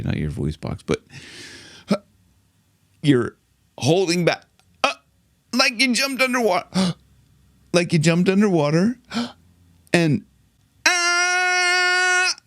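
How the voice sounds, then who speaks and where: A man's voice: mid-range voice, no echo, studio quality. A middle-aged man from Ohio, a vocal coach who talks casually, restarts sentences often and breaks into sung and gasping demonstrations. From Ohio, United States.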